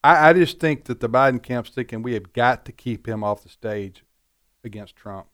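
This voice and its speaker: A man giving political commentary in casual panel talk, halting and repeating words as he starts his points. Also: mid-range voice, fairly bright tone.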